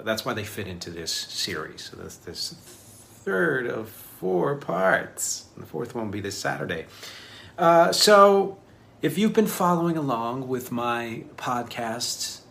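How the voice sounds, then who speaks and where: A man's voice: low voice, gravelly, sharp tone, slight background noise. A man hosting his own music podcast, talking casually and rambling with lots of fillers and asides. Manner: rambling, self-deprecating, filler-heavy. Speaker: podcast host. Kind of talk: casual video podcast talk.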